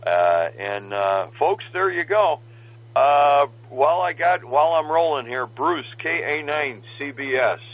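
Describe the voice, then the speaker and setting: A man's voice: a little high, expressive, a little slow. A man running a ham radio net as its control operator, chatting in a jokey, folksy way with radio lingo. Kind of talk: casual radio net chat. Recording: dull lo-fi radio audio with faint noise.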